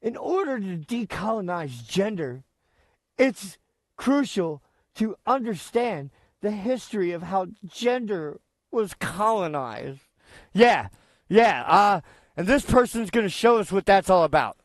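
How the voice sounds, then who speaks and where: A man with a very high voice doing reaction commentary, speaking slowly and deliberately. He is sarcastic and profane, and his voice sounds close and dry. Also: big pitch swings, no room sound.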